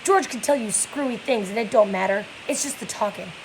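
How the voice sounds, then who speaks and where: A woman's voice: a little high, a little fast, noisy background, natural voice. A woman reading the lines of a weary, bitter middle-aged male stable hand in a plain read-aloud voice.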